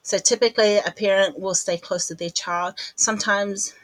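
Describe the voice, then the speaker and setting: A woman's voice: medium pitch, steady tone, moderate pace, a bit bright, no echo, poor audio. A woman hosts her own podcast with a chatty, rambling delivery, often laughing at herself. She sounds a little out of breath between phrases. Her voice is recorded close and dry, with no room sound. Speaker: podcast host. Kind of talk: casual chat.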